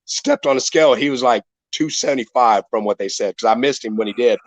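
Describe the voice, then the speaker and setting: A man's voice: medium pitch, fairly quick, dry recording, low-quality recording. A middle-aged man telling a rambling, profane fight story in casual podcast talk. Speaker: retired MMA fighter guest.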